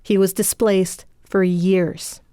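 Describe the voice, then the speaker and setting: A woman giving measured, scripted documentary narration. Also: mid-range voice, smooth. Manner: measured, even delivery.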